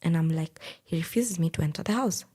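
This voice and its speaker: A young Kenyan woman telling a personal story in an intense, breathy, half-whispered way. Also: fairly low pitch, fairly quick, mellow.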